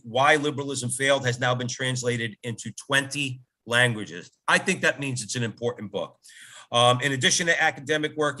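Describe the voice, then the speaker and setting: A man's voice: mid-range voice, sharp tone. A man hosting a Catholic talk radio show, giving an upbeat scripted introduction and reading a guest's biography. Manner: upbeat announcer delivery, reads a guest bio.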